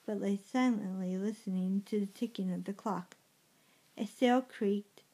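Slow, mellow woman reading a story aloud. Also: mid-range voice, rough recording. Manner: halting, with frequent slips and self-corrections. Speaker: reader.

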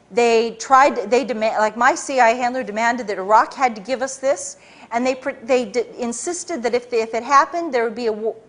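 A woman author giving a talk to a live audience, telling her story in an animated way with many restarts. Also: fairly high pitch.

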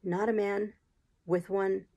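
A woman voicing a wild, marooned old male sailor in an audiobook reading, talking in rough sailor's dialect, eager and sly. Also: mid-range voice, little pitch movement, takes it slowly, mellow, dull audio.

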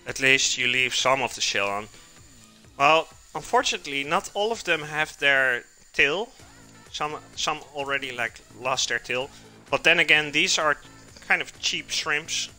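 A man's voice: a little high, a little slow, pushed and bright, faint music behind. A man hosting a live cooking stream, chatting casually with viewers and answering chat while he cooks in a home kitchen.

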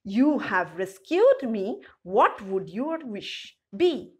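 A woman teacher voicing a huge male genie of the lamp who speaks slowly and formally to his master. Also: a little high, big pitch swings, a little mellow. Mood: solemn. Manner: slow, formal address to a master.

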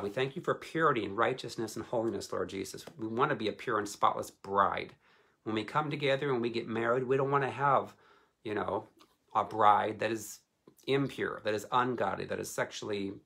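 Gravelly-voiced man praying earnestly. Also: on the low side, a bit bright. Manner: earnest, repetitive praying, frequent "you know". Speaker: deliverance minister. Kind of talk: live-streamed prayer and teaching.

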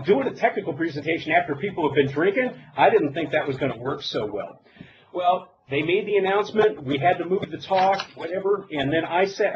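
Male presenter, middle-aged, lively pitch, dull webinar audio, faint hiss. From United States. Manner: animated storytelling, self-deprecating jokes. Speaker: technical presenter. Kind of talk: live demo presentation.

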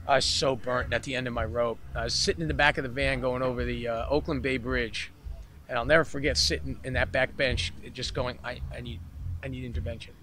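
A man's voice: medium pitch, brisk, a little hiss or hum. A man, a podcast guest, tells a long story in a casual interview and acts out the voices of the people in it. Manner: animated storyteller who acts out the voices in his anecdotes. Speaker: podcast guest, keyboard player. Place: festival grounds, outdoors or backstage.

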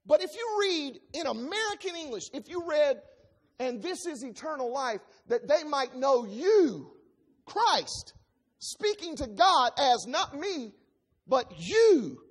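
Here a preacher reads scripture aloud and works through it line by line, stressing key points in an expository sermon. The voice is high-pitched, swinging widely in pitch, and keeps a measured pace.

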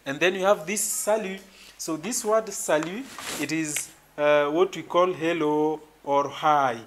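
A man teaching a French lesson at a whiteboard, explaining slowly and repeating himself often, with frequent fillers. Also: fairly high pitch, slight background noise. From Kenya.

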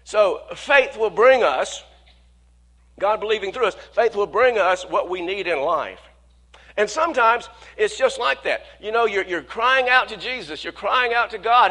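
Male pastor, high bright voice, folksy sermon delivery with stammered restarts. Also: expressive. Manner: conversational preaching with frequent repeated words and quick laughs; speeds up when quoting worried people, slows to stress key words.

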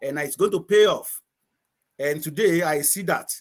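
A man's voice: fairly high pitch, moderate pace. A middle-aged man from Nigeria, a guest chatting casually in an interview, rambling, repeating words and laughing often.

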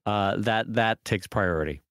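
A man's voice: lowish voice, a little slow, no room sound, clean studio sound. A man co-hosting a podcast in casual chat, joking around and reading listener questions aloud. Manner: jokey, animated, reads listener questions. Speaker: podcast co-host. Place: home studio, recorded remotely.

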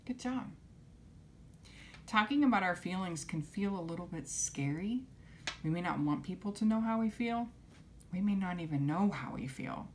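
A woman teaching young children, gently coaxing them to repeat simple phrases after her. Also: lowish voice, animated, normal speed, pauses often, a little hiss or hum. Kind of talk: children's lesson.

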